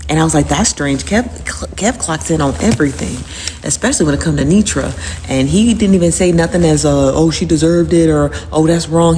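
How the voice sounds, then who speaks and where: Woman host, lowish voice, rambling casual recap, long reverb on the recording. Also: warm tone, a little hiss or hum. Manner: rambling and repetitive, with frequent fillers. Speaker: host recapping live-stream drama. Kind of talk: casual chat.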